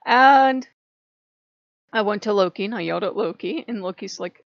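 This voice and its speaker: A woman hosting her own channel, telling a dream story in a casual, animated way. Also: medium pitch, moderate pace, creaky, long pauses, dry recording. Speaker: channel host. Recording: dry, dull lo-fi sound.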